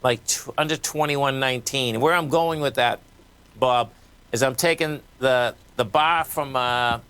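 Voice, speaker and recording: A man's voice: medium pitch, measured pace, bright, forceful tone, clean tone. Boston man calling markets on air. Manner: casual, folksy, talks while reading charts. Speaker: radio show host. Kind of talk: live market commentary.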